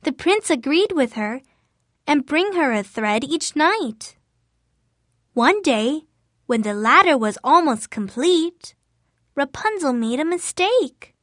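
A woman narrating a fairy tale in a clear, careful storybook reading for language learners. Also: sits high, sing-song, slow pace, fairly bright tone, dry recording, clean studio sound.

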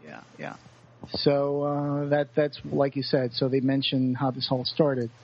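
A man co-hosting a podcast in casual book talk, halting and repeating words as he thinks. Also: mid-range voice, completely flat delivery, vocal fry, muffled recording. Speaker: podcast co-host.

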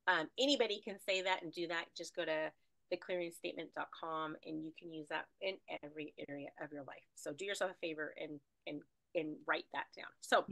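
Bright chatty woman energy healer. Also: deep voice, a little fast, no echo, low-quality recording. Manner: chatty, rambling, animated with fillers. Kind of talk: casual spiritual healing talk.

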